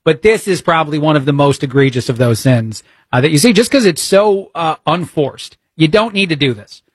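A man's voice: fairly high pitch, expressive, moderate pace, husky, no echo. A man filling in as a talk radio host, giving an indignant, sarcastic monologue full of "uh" fillers.

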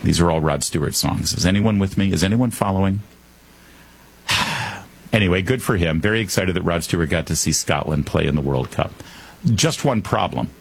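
A man's voice: low-pitched, moderate pace, vocal fry, breathy edge. A man hosting a talk radio show, delivering a comedic monologue full of sarcastic jokes and wry asides.

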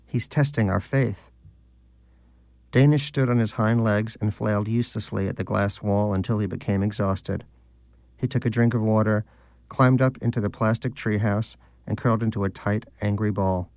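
A man reading a story aloud in even, measured scripted narration. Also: on the low side, no room sound. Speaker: audiobook narrator.

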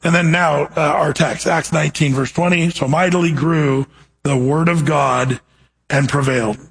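A male pastor giving a verse-by-verse sermon. He reads scripture slowly and deliberately, then turns to address the congregation in a direct, animated way. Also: on the high side, vocal fry, breathy edge, low-quality recording.

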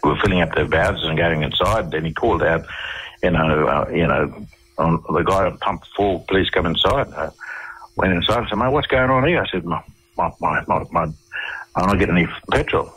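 Australian man, radio guest. Low, husky voice; halting, rambling delivery full of fillers. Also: fairly bright tone, rough recording. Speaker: interview guest. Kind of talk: casual radio interview storytelling.

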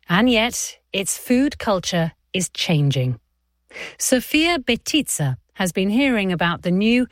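Lively female news presenter, dry studio. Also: mid-range voice, no echo. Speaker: radio presenter.

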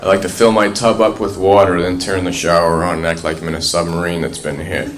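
A man telling deadpan one-liner jokes in stand-up. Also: low-pitched, fairly quick, roomy sound, heavy background noise. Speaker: stand-up comedian.

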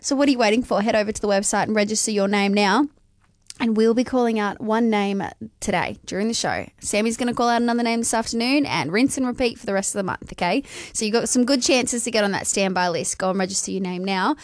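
A woman's voice: mid-range voice, fast, dry recording. A woman hosting a breakfast radio show, upbeat and chatty, talking close to a studio mic. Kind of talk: radio host promo chat.

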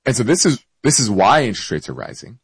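A man's voice: medium pitch, sing-song, fast, husky, no room sound, rough recording. A man hosting an investment show, explaining markets and answering a listener's question, with hiccups and frequent self-corrections.

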